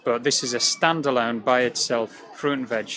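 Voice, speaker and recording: A man's voice: medium pitch, moderate pace, pushed and bright, soft background music, low-quality recording. A British man giving an English vocabulary lesson while walking down a city street, explaining at an easy pace with frequent ums. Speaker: English teacher.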